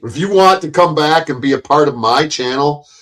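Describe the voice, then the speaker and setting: A man's voice: fairly high pitch, moderate pace, fairly bright tone. A man, hosting his own live stream and ranting at his audience in a profane, combative, mocking way. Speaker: livestream host.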